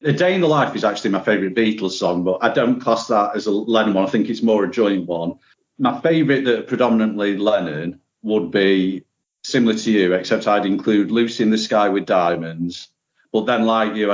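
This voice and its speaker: A man as a podcast guest, talking casually and enthusiastically about his favourites. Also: on the low side. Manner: relaxed, opinionated, enthusiastic. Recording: dull lo-fi audio.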